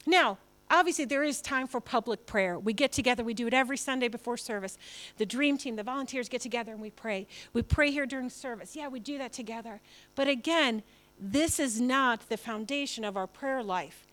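A woman's voice: on the high side, fairly quick, a bit bright. A woman pastor preaching a sermon in church, conversational and emphatic, often acting out quotes.

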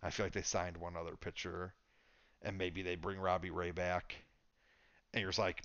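A man's voice: low-pitched, flat delivery, normal speed, pauses often, a bit bright, no echo, lo-fi sound. A man co-hosting a podcast, chatting casually and thinking aloud with lots of fillers. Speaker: podcast co-host. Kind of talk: casual sports chat.

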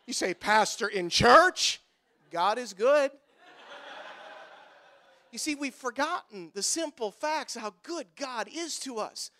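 A male pastor preaches a sermon. His voice sits unusually high and rings sharp and bright. He drives his points home with impassioned, repeated refrains. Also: animated, measured pace, long pauses.

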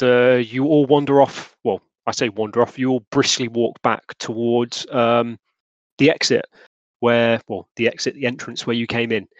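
A man narrating a tabletop role-playing game as game master, often pausing and restarting his sentences. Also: mid-range voice, no echo. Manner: hesitant, lots of ums and restarts. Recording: dull lo-fi sound.

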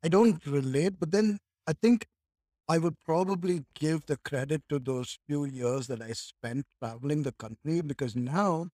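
A man's voice: on the high side, darkish tone, no room sound, clean studio sound. A man from India in casual conversation, thinking aloud and leaning on "like" and "right?" a lot.

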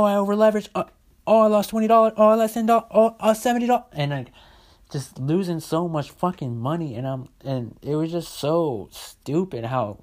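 A man's voice: mid-range voice, darkish tone. Rambling young man in his twenties. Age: 20s. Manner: rambling, lots of "like", swears freely. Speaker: vlogger. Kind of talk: casual storytelling vlog.

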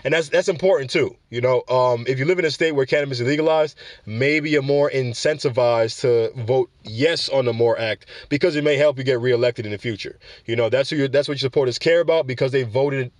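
A man with an average-pitched voice reads news copy aloud in a casual way, then stops to give his own take. He stumbles often and corrects himself. The recording is dry and close. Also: brisk, no room sound. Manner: trips over words, corrects himself, breaks off for opinions. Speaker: show host.

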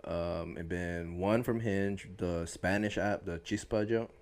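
A young man co-hosting a casual podcast, talking bluntly and laid-back, often trailing off quietly. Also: deep voice, steady tone, measured pace. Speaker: podcast co-host. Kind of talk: casual chat.

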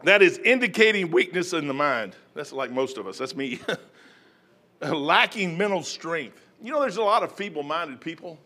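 A man preaching a sermon in a folksy storytelling way, breaking into loud shouts when he acts out prayers. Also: sits high.

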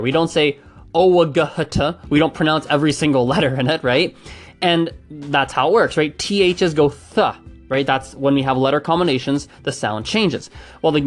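Chatty man demonstrating speech sounds. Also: a little high. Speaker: language enthusiast explaining pronunciation. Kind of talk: casual explainer monologue.

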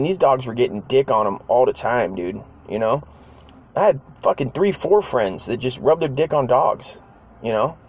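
A man in his forties telling a childhood story in casual, profanity-laden talk. He rambles, uses a lot of slang, and jumps up into higher voices when he quotes people. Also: darkish tone.

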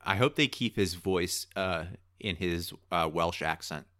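Excitable low-voiced man on a podcast. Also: a little slow, no echo, studio quality. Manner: excitable, rambling. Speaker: podcast co-host. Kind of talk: casual podcast chat.

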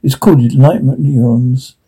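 A man reading the part of a restless young girl companion who is eager to help, with a husky voice. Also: medium pitch, slow pace, dark tone, heavily acted, poor audio.

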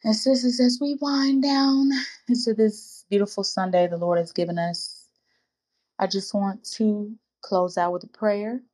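A woman hosting a faith-based podcast, talking straight to her listeners like sisters. Her delivery is earnest and preacherly, full of casual colloquial phrasing and repeated exhortations. The voice sits at an ordinary middle pitch for a woman. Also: unhurried, darkish tone. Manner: informal colloquial speech, calls listeners sis and baby. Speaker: podcast host.

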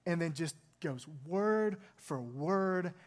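A man's voice: fairly high pitch, expressive, slow pace. A male pastor preaching a sermon, retelling a scripture story in an earnest, emphatic way.

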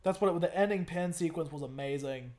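A young man co-hosting a podcast in casual chat, excited and profane, stumbling and repeating his words as he talks. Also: on the high side, brisk, over a noisy crowd. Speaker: podcast co-host.

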